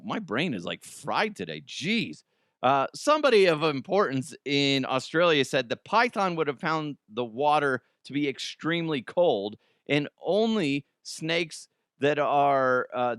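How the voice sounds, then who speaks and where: A man's voice: mid-range voice, fairly bright tone, no echo, clean studio sound. An American man in his thirties hosting a comedy news show, chatting casually, swearing and laughing at his own jokes. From United States.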